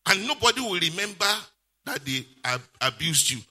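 A male pastor, preaching a sermon with lively call-and-response questions. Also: fairly high pitch, normal speed, husky.

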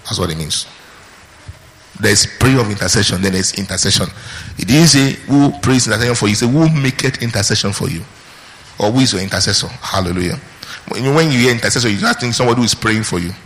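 Man, preacher, sermon, bright tense tone, quizzes the congregation. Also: lowish voice, expressive, big-room sound, low-quality recording. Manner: teaching with questions to the congregation, pausing on key words.

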